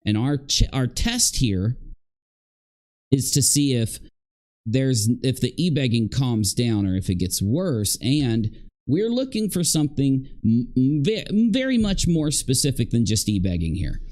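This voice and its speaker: A man's voice: medium pitch, very animated, unhurried, a little mellow. A man commenting on a replayed livestream, scolding the people in it in an indignant way.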